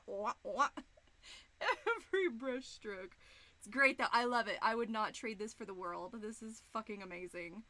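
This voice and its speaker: Gushing bright-voiced woman streamer. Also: a little high. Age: 30s. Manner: gushing, excitable, swears freely. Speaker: streamer and digital artist. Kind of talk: casual live-stream chat. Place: home studio room.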